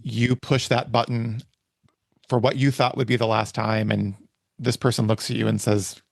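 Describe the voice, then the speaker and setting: A man's voice: mid-range voice, flat delivery, moderate pace, gravelly, no echo, clean studio sound. A male podcast host speaking in an earnest, heartfelt way, openly moved during the conversation. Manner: earnest, heartfelt, gets emotional. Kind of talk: emotional interview conversation.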